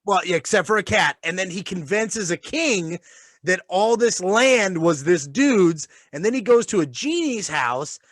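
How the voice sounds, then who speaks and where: A man co-hosting a loose, casual chat. His fairly high voice is animated and full of swearing, and it is recorded quite dry, with almost no room sound. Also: measured pace, no echo. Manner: animated, swearing, laughs often. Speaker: podcast co-host and father.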